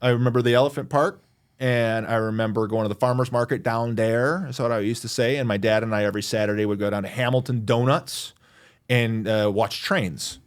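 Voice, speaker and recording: A man's voice: mid-range voice, steady tone, brisk, clear, resonant tone. A man in his forties from Michigan, a lawyer chatting as an interview guest in a loose, self-deprecating way with plenty of fillers. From Michigan, USA. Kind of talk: casual interview chat.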